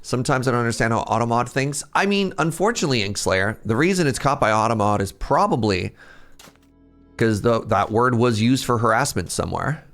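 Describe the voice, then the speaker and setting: A man's voice: mid-range voice, lively intonation, brisk, a bit bright. A young adult man casually live-streaming a game, chatting with his viewers, reading out their names and laughing often. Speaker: streamer playing an incremental game. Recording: faint game music underneath.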